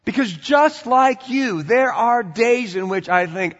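A man preaches to his congregation in a church sanctuary, his fairly high voice carrying a long reverb. The sound is somewhat muffled. He swings from loud, animated exhortation to quiet, chatty asides. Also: takes it slowly, hardly any pauses. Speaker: pastor. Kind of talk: sermon.

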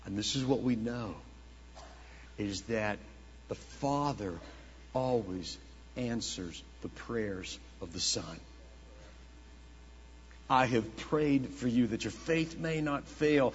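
A man preaching a sermon as the pastor, dramatic and swinging between hushed tones and loud bursts. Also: medium pitch, slow pace, pauses often, breathy edge. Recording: dull lo-fi sound with long hall reverb.

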